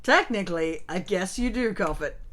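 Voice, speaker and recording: Woman, co-player, dry teasing wit, mid-pitched voice. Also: lively intonation, moderate pace, fairly bright tone. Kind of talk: tabletop role-play game chat.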